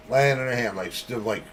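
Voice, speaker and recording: A man's voice: mid-range voice, slight background noise. A man hosting a podcast, telling a rambling joke and laughing along the way. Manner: rambling, laughs through the story. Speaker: podcast host. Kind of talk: casual chat, telling a joke.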